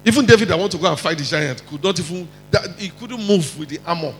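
A man with a Nigerian accent preaching a lively sermon, acting out quotes and mixing in pidgin. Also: sits high, quick pace, long reverb tail, a little hiss or hum, poor audio. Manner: animated, mixes in pidgin, acts out quotes.

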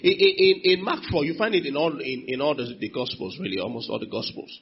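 A preacher giving a sermon in a church, calling on the congregation for responses and swinging from quiet asides to loud exclamations. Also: male voice, on the high side, very animated, fairly quick, husky. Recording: dull lo-fi sound.

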